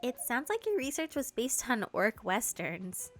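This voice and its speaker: A woman voicing a calm, thoughtful barista in gentle, measured tones, reading game dialogue. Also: on the high side, faint music behind. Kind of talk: game dialogue read-through.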